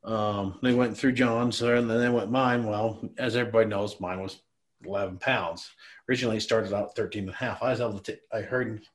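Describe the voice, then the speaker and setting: A man's voice: fairly low pitch, fairly even intonation, a little fast. A middle-aged man guesting on a podcast, telling stories in a rambling, casual way, laughing and swearing freely. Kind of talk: casual storytelling chat.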